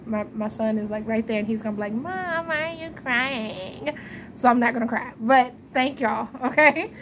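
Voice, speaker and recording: Chatty high-voiced woman reading tarot. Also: little pitch movement, fairly quick, a little hiss or hum. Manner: chatty, laughs often, talks to viewers as y'all. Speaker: tarot reader. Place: at home at night.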